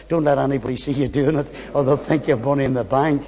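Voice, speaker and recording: A man preaching a sermon, fervent, with quiet, low pleading asides. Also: fairly even intonation, quick pace, few pauses, husky. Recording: dull sound in a large reverberant hall.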